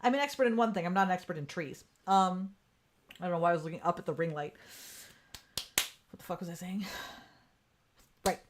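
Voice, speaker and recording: A woman's voice: on the low side, brisk, pauses often. A woman hosting a casual live-stream coaching talk from home, candid and profane, laughing often and answering viewer comments. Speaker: podcast host. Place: home room with ring light.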